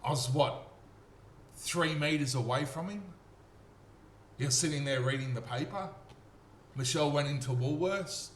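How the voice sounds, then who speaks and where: This man's voice is fairly high, and he speaks at a measured pace with long pauses. With an Australian accent, he rambles earnestly through a personal testimony, repeating points and checking in with "okay?". The recording has a roomy echo and faint background noise.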